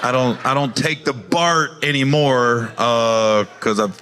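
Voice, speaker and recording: A man doing a stand-up comedy set, animated, acting out characters and shouting his punchlines. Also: mid-range voice, measured pace, slight background noise. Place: live comedy venue with audience.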